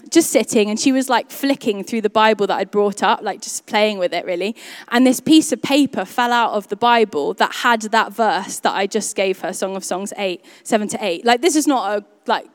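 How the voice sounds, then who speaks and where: A young woman with a fairly high, smooth voice gives a church testimony. She talks in a loose, chatty way, filling her sentences with "um" and "like". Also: no echo, clean studio sound. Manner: chatty, many fillers like "um" and "like". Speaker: church speaker sharing a testimony. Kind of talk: personal testimony talk.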